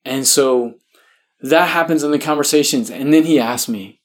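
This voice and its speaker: A man, a priest, telling a personal story in a casual, animated way, laughing often and saying "like" a lot. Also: a little high, normal speed. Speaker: Catholic priest.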